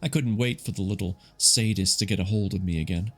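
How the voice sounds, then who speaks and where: Man, low voice, live audiobook reading, casual asides, faint music behind. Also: brisk, slightly rough. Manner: casual, self-correcting, comments on his own reading. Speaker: audiobook narrator.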